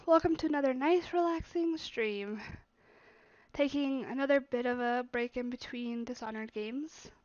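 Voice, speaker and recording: High-pitched woman streamer, relaxed. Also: moderate pace, no room sound. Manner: relaxed, reads story lines with bursts of louder acted quotes. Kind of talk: casual let's play, reading game text aloud. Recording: slightly muffled stream audio with faint noise.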